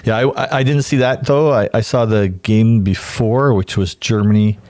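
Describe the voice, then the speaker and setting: A man in casual chat, explaining in a measured, unhurried way. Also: on the low side, a little mellow, no echo, clean studio sound.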